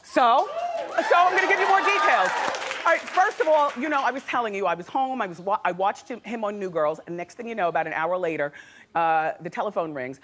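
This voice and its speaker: A woman's voice: medium pitch, lively intonation, brisk, fairly bright tone. A middle-aged woman hosting a daytime talk show, telling gossip stories in a chatty, dramatic way with frequent laughs. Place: TV studio with live audience. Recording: studio audience noise and crowd.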